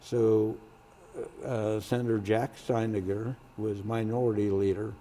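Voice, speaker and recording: A man's voice: lowish voice, flat delivery, measured pace, slight background noise. An older man, a former state senator, telling stories from his career in an oral history interview. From Kansas, United States. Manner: storytelling, acts out quoted voices loudly.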